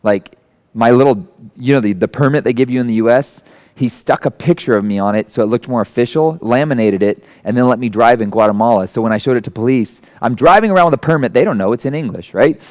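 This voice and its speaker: A man in his forties giving a conversational sermon, animated and self-deprecating, acting out the people he quotes. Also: medium pitch, quick pace. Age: 40s. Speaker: guest preacher.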